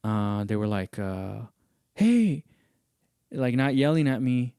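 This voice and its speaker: A man hosting a podcast, telling a story in casual chat and acting out what other people said in raised, animated voices. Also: fairly low pitch, normal speed, clean tone, dry recording, clean studio sound. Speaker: podcast host.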